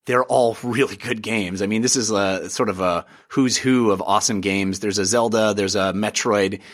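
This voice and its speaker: A man hosting a podcast, upbeat and excitable, chatting casually about games with plenty of fillers. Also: fairly low pitch, moderate pace. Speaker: podcast host. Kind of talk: casual chat.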